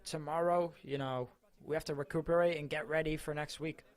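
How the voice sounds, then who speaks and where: A man's voice: on the high side, steady tone, a little fast, clean tone. A man from Mallorca, a footballer, giving an earnest, emotional post-match interview with his voice cracking. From Mallorca, Spain.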